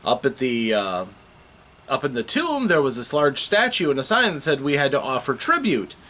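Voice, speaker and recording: A man's voice: mid-range voice, huge pitch swings, normal speed, bright, forceful tone, a little hiss or hum. A man voicing his own earnest, solemn adult male warrior character in a tabletop game recap.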